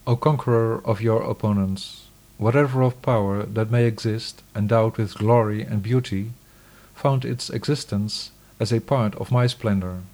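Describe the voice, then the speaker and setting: A man giving a scripted scripture reading in a measured, solemn, declamatory way. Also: lowish voice, fairly even intonation, darkish tone.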